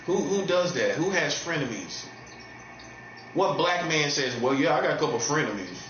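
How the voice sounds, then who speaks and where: Man preaching in aave, taunting and repeating himself, kinda high voice, muffled echoey room. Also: very animated, normal speed, a bit bright, a little hiss or hum. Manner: taunting, repetitive, swings from mocking highs to low earnest tones. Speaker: street preacher. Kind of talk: provocative monologue. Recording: roomy dull lo-fi recording with faint ambience.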